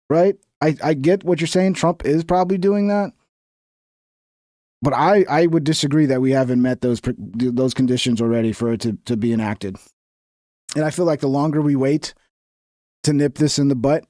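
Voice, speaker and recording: A man's voice: on the high side, mellow, no echo, clean studio sound. A man giving casual live-stream commentary on news clips, crude, swearing and mocking.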